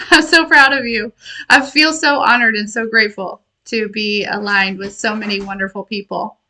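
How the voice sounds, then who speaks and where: A tarot reader and intuitive healer speaks to her viewers at normal speed in a medium-pitched, bright, forceful voice with fairly even intonation. Her casual spiritual message rambles and is full of laughter and affection. The recording is low quality.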